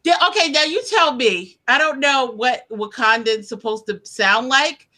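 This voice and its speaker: A woman interviewing a guest in a loose, chatty way, often laughing and leaving her sentences hanging. Her voice sits fairly high and has a bright, sharp edge. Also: measured pace. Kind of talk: casual chat about films.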